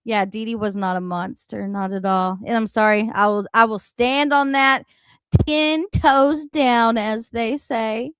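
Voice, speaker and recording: A woman hosting a reaction livestream, talking in a blunt, animated and profane way about the clips she plays. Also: a little high, measured pace, smooth, no echo, clean studio sound. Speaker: livestream host. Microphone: home streaming mic.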